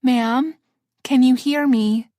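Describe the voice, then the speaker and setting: A woman doing a brisk, no-nonsense doctor. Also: sits high, fairly even intonation, warm tone, no room sound, studio quality, voice pushed up. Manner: brisk and professional. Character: calm, businesslike female doctor. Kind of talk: audiobook character voice.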